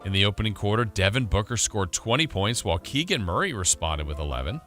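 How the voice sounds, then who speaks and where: Brisk sports radio man recapping. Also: lowish voice, animated, fairly bright tone, faint music behind. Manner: brisk play-by-play recap, laughs at the drops. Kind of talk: recapping games over sound drops.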